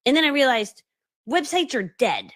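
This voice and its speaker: A woman business coach telling her story live to an online audience, fast-talking and animated, acting out voices as she goes. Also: high voice, dry recording, studio quality. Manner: laughs often mid-story.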